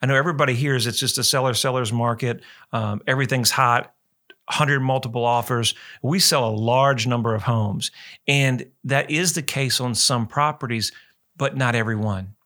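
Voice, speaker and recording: A man's voice: mid-range voice, moderate pace. A man hosting a real estate radio show, chatting in a rambling, casual way. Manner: rambling, chatty, animated quoting. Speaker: radio show host, realtor.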